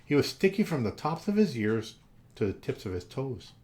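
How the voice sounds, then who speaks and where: A man reads a children's story aloud, his voice sitting at a middle pitch. He reads with real expression and lets his voice swing up and down a great deal. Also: normal speed. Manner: expressive, animated reading.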